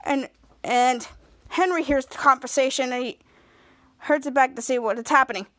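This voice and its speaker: A woman's voice: high voice, normal speed, a bit bright, dry recording. A woman podcast host giving a casual, rambling recap of a show episode, stringing events together with "and then".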